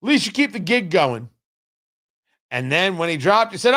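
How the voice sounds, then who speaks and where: A man's voice: high voice, big pitch swings, normal speed, sharp tone. A middle-aged man hosting a political commentary livestream, firing off sarcastic, heated rhetorical questions. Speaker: talk show host.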